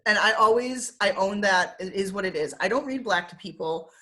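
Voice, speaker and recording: A woman, a former teacher, talking as an interview guest in a casual, animated way, full of "like" and quick laughs. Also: medium pitch. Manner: animated, filler-heavy with frequent "like" and quick laughs. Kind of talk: casual conversational storytelling. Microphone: video call.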